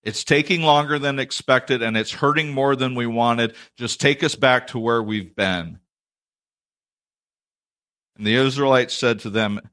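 A man's voice: mid-range voice, measured pace, a bit bright. A man preaching a sermon, reading scripture aloud and breaking off into conversational, self-deprecating asides. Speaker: pastor.

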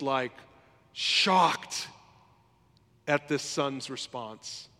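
A man preaching a sermon in a lively, conversational way, often acting out what others say. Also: fairly high pitch, long reverb tail. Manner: animated, conversational preaching, acts out quotes. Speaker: pastor.

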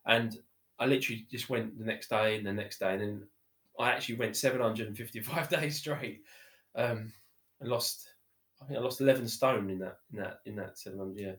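Here a man appears as a podcast guest, spinning a casual story at a fairly quick clip in a lowish voice. His delivery is warm and chatty, looping back on itself with frequent restarts and plenty of "you know" and "literally." A roomy echo hangs on the recording.

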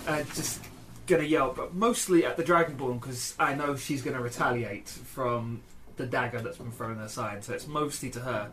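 A man with a mid-range voice plays a tabletop game, talking casually and checking details with quick questions. Steady background noise runs under the recording. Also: mid-range voice. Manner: chatty, checking in with short replies. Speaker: player. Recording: noisy background.

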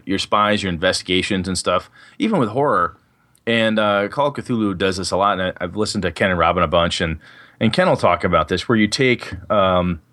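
A man's voice: low voice, a bit bright. A man hosting a casual tabletop gaming podcast, rambling and correcting himself as he talks, with casual swearing. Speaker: podcast host and game master.

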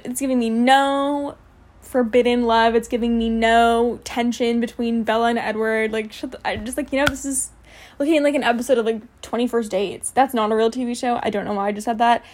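A young woman reading fan fiction aloud with sarcastic, swearing, animated comedic asides. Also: on the high side, a little fast. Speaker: comedic reader.

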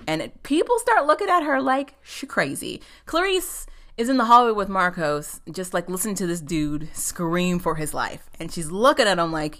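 A woman casually recapping a TV episode in a chatty, animated way, swearing and laughing often. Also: on the low side, normal speed. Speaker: show recapper.

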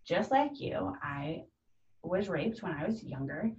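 A woman in her thirties speaks earnestly and from the heart, with a slightly low voice. She acts out other people's voices as she talks. The recording is muffled and picked up from across an echoey room. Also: very animated, measured pace, darkish tone. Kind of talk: casual conversation. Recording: dull, distant, echoey room.

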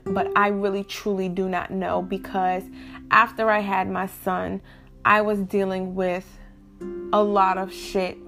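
A woman's voice: mid-range voice, a bit bright. A young woman talking candidly to her viewers in a casual vlog, interrupted now and then by hiccups. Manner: candid, talks straight to viewers. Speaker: vlogger. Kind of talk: casual talk to camera.

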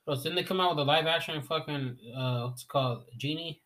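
A man's voice: on the high side, brisk. A young man in casual chat, swearing freely and telling stories with slang. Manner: profane, slangy, animated storytelling.

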